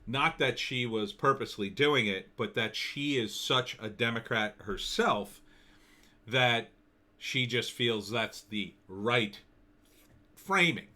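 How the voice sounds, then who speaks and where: A man's voice: mid-range voice, expressive, slow pace, pushed and bright. A man giving an opinionated, sardonic commentary monologue in a loose, conversational way. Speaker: political commentator.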